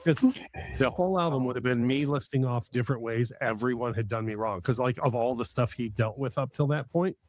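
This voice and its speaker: A man's voice: medium pitch, brisk, a little mellow. A middle-aged man chatting casually as a podcast host, enthusiastic and rambling with many fillers and restarts. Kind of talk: casual chat.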